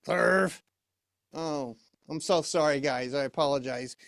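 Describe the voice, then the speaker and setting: A man's voice: a little high, normal speed, no echo, clean studio sound. A middle-aged man performing a ventriloquist comedy act, playing the exasperated straight man to his puppet.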